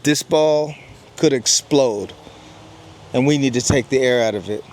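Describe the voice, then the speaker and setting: A man's voice: medium pitch, unhurried, a little mellow, slight background noise, natural voice. A man voicing a curt, dismissive male airport gate agent while retelling a story. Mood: insistent.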